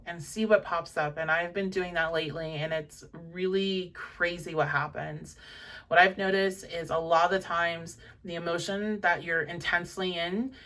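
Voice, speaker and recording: A woman's voice: on the low side, a bit bright, recorded from a distance. A young woman giving a pick-a-card tarot reading in a chatty, encouraging, rambling way, full of fillers. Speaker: tarot reader.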